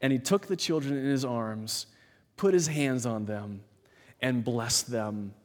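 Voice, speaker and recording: Man, pastor, sermon, emphatic pauses, medium pitch, long hall reverb. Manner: measured, emphatic, with dramatic pauses and quoted voices.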